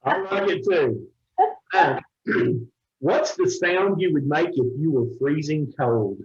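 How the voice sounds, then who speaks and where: A man with an Oklahoma accent interviewing a coworker with quick-fire questions, joking and laughing often. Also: a little high, a little hiss or hum. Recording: roomy, dull lo-fi sound.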